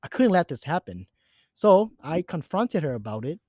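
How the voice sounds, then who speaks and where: A man's voice: fairly high pitch, very animated, normal speed, dark tone, dry recording. Male horror-story narrator, earnest and emphatic, dry close recording.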